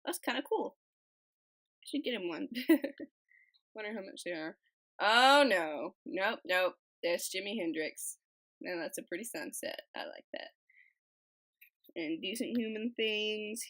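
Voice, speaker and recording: A woman's voice: medium pitch, expressive, measured pace, pauses often, a bit bright, low-quality recording. A woman casually narrating over her speedpaint and reading posts aloud, rambling and giggly, with a desk mic she keeps bumping. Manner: rambling, giggly, restarts and trails off.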